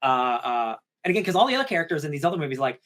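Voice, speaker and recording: A man's voice: fairly high pitch, very animated, rapid-fire, fairly bright tone. A man co-hosting a podcast, chatting casually about a movie and agreeing often. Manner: easygoing, agreeable, frequent yeahs. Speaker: podcast co-host. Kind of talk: casual chat.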